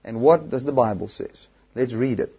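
Husky-voiced man preaching a sermon. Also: medium pitch, normal speed. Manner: rising to loud, emphatic preaching, then dropping to quiet scripture reading. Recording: dull, lo-fi recording.

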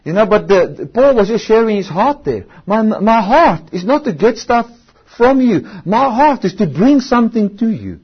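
A man's voice: sits high, big pitch swings, breathy edge, dull audio. A man preaching a sermon, stretching out key words for emphasis and often restarting his sentences. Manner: emphatic, drawn-out stresses, frequent restarts.

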